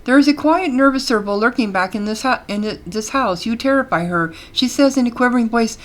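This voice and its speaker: A woman's voice: a little high, fairly quick, hardly any pauses. A woman casually commenting on a game she is playing, chatty and reading the game text aloud between fillers. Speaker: let's play gamer.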